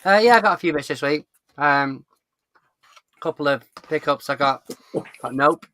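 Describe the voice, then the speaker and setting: A man's voice: fairly high pitch, moderate pace, bright, forceful tone. A man in casual chat, making teasing, jokey remarks.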